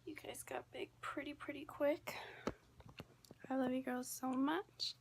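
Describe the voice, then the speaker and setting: A woman whispering a soft, tender video message. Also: high voice, fairly even intonation, unhurried, gravelly, noisy background.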